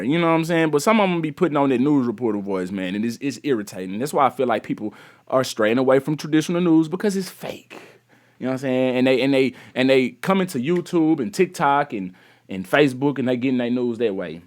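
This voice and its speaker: Texan male YouTube commentator, casual and slangy, slightly raised pitch, talks right at the audience. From Texas. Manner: chatty, slangy, addresses viewers as y'all. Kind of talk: casual commentary on a news clip.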